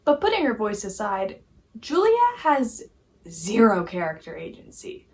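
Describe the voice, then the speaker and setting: A woman's voice: medium pitch, measured pace. Exasperated woman ranting about a cartoon. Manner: animated, exasperated, heavy use of "like". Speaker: YouTube commentator. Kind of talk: casual opinion rant.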